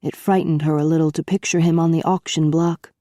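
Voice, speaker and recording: Woman reading an audiobook, low mellow voice, dry close sound. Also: steady tone, dry recording. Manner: measured storytelling. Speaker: audiobook narrator. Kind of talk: scripted narration.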